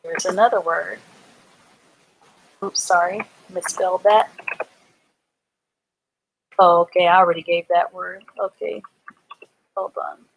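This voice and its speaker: Woman, reading teacher, live online class; unhurried, lower voice, spells words aloud. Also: fairly even intonation, gravelly, a little hiss or hum. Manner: slow, patient, spells words out letter by letter. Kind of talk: live online literacy lesson.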